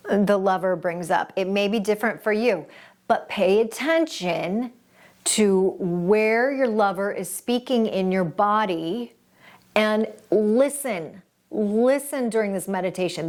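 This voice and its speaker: Slow-talking lady giving a motivational self-help talk, earnest and reflective, talks right to you. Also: medium pitch. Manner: earnest, reflective, warmly encouraging; addresses the viewer directly with pauses and restarts. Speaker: self-help video host.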